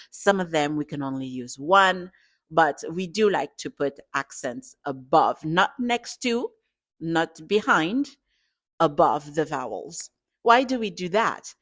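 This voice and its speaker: A woman's voice: low-pitched, fairly bright tone. A woman with a French accent, a teacher patiently explaining step by step in a casual language lesson. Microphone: glasses-mounted camera for desk part.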